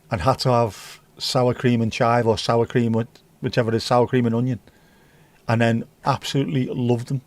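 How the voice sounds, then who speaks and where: Man, middle-aged, livestream host, rambling casual chat, mid-pitched voice, dry sound. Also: darkish tone, no echo. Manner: rambling, chats while reading viewer comments aloud.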